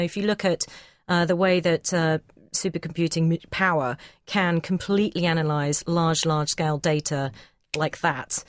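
A woman speaking as a guest on a podcast panel, thoughtful and a little halting. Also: lowish voice, no room sound, clean studio sound. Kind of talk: casual panel discussion.

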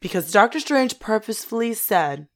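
A woman in her twenties co-hosting a podcast, chatting in an excitable, ranting way and swearing a lot. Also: fairly high pitch, normal speed. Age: 20s. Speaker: podcast co-host. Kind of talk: casual chat.

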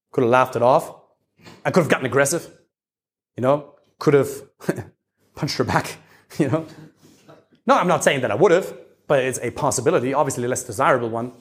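A man giving an emphatic live talk to a small audience as a dating coach, swinging between loud passion and calm asides. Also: medium pitch, fairly quick, pauses often.

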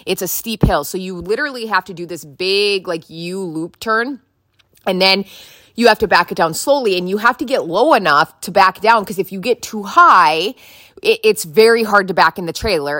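Young woman podcaster rambling through a story, kinda low voice, close dry mic. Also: fairly bright tone, no room sound. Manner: chatty, storytelling with filler words and restarts. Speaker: podcast host. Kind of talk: casual solo podcast chat.

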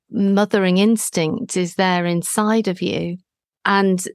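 A woman, hosting a gentle therapeutic conversation in a calm, reassuring, deliberate way. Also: on the low side, dry recording, clean studio sound. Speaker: healing practitioner, podcast host.

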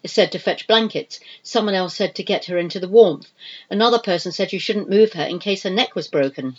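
A woman reading a novel aloud in expressive, measured scripted narration. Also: medium pitch, muffled recording. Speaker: audiobook narrator.

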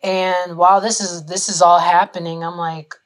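A woman's voice: lowish voice, moderate pace. A young woman telling a story in a casual vlog, swearing often and filling her speech with "like". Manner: swearing, lots of "like" fillers, animated retelling.

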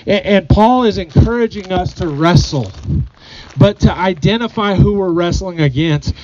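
A man's voice: sits high, expressive, moderate pace, a little mellow, muffled recording, slight background noise. A man preaching a sermon to his congregation, earnest, often repeating phrases and putting questions to the people. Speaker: pastor.

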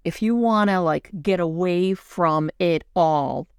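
A woman's voice: on the low side, takes it slowly, clean tone, no echo, clean studio sound. A middle-aged woman co-hosting a casual chat, telling stories animatedly and getting emotional. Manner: animated storytelling, gets emotional. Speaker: co-host.

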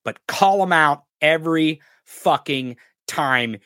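A man's voice: fairly high pitch, expressive, takes it slowly, fairly bright tone, clear, resonant tone, no echo, studio quality. A man hosting a political commentary podcast, ranting with heavy profanity and sarcasm. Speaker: podcast host.

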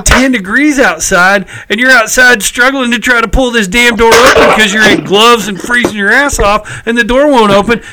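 A man's voice: high voice, noisy background. A middle-aged man, telling a story in casual chat, exasperated and cursing freely. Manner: chatty, exasperated, salty language.

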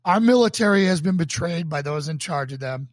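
This is a pastor from Boston hosting his own stream, a man whose voice sits somewhat high. He speaks earnestly and with feeling, often stopping to restart a thought. The sound is dry and close, with no room around it. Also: animated, no echo. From Boston, United States. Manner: earnest and emotional, halting with restarts. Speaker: pastor and show host. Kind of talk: livestreamed casual talk leading into a sermon.

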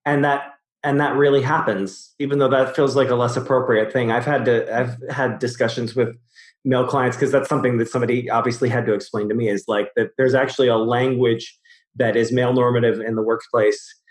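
A man therapist in casual conversation with a mid-pitched voice, relaxed and explanatory, telling stories to make his point. The recording has a roomy echo around him. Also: a little fast. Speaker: therapist, host.

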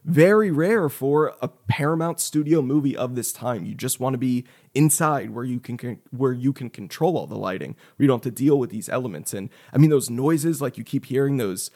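A man talks through a classic film with friends in an easy, lively way. He laughs as he tells behind-the-scenes stories and keeps the chat moving. His voice sits at an ordinary middle pitch. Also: a little fast, hardly any pauses. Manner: animated, laughs while retelling stories. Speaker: podcast co-host. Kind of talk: casual film discussion.

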